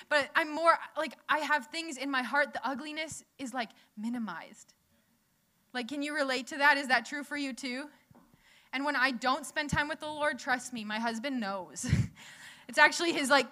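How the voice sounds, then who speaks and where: A woman's voice: high voice, pushed and bright. A young woman preaching in a casual, chatty way, asking the audience questions and laughing often. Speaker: speaker at a church gathering. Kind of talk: casual sermon.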